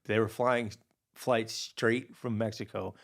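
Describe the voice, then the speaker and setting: A man in his forties from Hawaii, a podcast guest telling stories in a relaxed, rambling way, full of "dude" and "you know.". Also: fairly low pitch, slow, vocal fry. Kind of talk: casual storytelling conversation.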